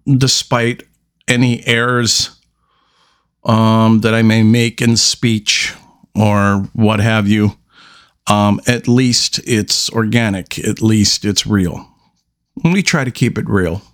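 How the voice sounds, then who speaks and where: Slow, pausing podcast host. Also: male voice, mid-range voice, clean tone. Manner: slow, with long deliberate pauses between statements; halting, restarts often. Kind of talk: unscripted solo podcast monologue.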